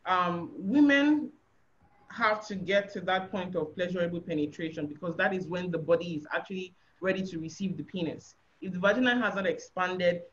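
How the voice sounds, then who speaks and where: A woman giving a frank, explanatory sexual health talk on a webinar, often checking that listeners understand. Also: on the low side. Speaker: guest speaker on sexual health. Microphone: video call. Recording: dull lo-fi webinar audio.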